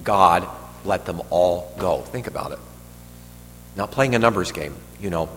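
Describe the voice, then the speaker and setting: Low-voiced priest giving a chatty homily. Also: male voice, lively intonation, measured pace. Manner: conversational, digressive, joking asides. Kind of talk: sermon. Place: church hall. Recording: long hall reverb, faint hum.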